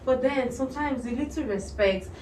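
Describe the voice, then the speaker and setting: A woman's voice: high-pitched, normal speed, a little mellow. A woman, a podcast guest who works with nannies, telling a story in a casual chat. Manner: storytelling, agreeing. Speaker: guest, nanny agency worker. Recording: echoey room, distant mic, background noise.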